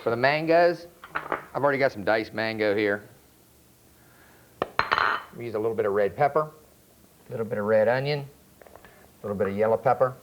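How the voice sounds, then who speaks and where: Laid-back Carolina chef talking you through a recipe. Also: male voice, fairly low pitch, normal speed, pauses often, background noise. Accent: North Carolina. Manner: relaxed, plainspoken, step-by-step instruction. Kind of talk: cooking demonstration. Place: outdoor charcoal grill by a house. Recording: dull lo-fi VHS recording.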